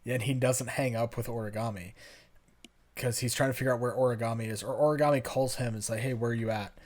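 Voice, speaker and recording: Male podcast cohost, mid pitch; relaxed, filler-heavy casual recap. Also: quick pace. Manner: laid-back, lots of ums and uhs while recapping. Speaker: podcast co-host. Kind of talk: casual chat.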